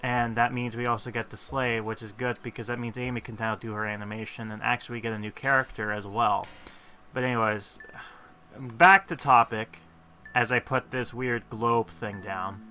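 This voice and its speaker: A man's voice: mid-range voice, steady tone, moderate pace, bright, forceful tone, soft background music. A man casually commentating while playing a game, rambling and poking fun at himself. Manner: rambling, self-deprecating, with frequent fillers. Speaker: gaming video host.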